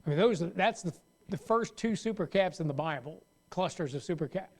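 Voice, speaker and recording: A man's voice: sits high, animated, fairly quick. A man pastor teaching a Sunday school Bible lesson in a loose, conversational way, often stopping mid-sentence to restart.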